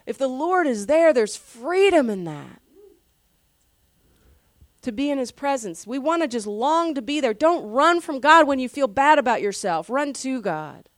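A woman pastor giving a sermon in an earnest, conversational way, often dropping to a soft, quiet voice. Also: high voice, sing-song, measured pace, no echo, clean studio sound.

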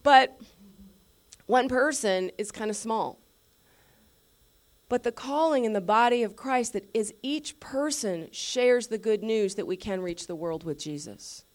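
A woman pastor preaching in a chatty, animated way, with a voice that sits a little high. She keeps asking her listeners questions and stops to correct herself along the way. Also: measured pace. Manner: lively, conversational, asks the audience questions; restarts and self-corrections. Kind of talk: sermon teaching.

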